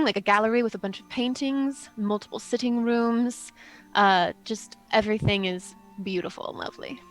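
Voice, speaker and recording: A woman's voice: medium pitch, clean tone. A woman playing a tabletop game, casually describing her character's actions. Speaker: player.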